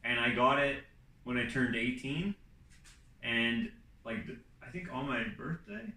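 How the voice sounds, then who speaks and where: A man co-hosting a casual talk show, telling his side of a story in a relaxed, chatty way and adding background detail. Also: mid-range voice, measured pace, roomy sound, far from the mic, low-quality recording. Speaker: co-host.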